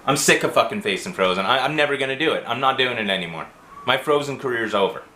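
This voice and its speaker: A man's voice: mid-range voice, expressive, fast, bright, forceful tone, echoey room, slight background noise. A man ranting in a profane monologue for his video blog, swearing constantly. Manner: swears constantly, rants angrily. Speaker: vlogger.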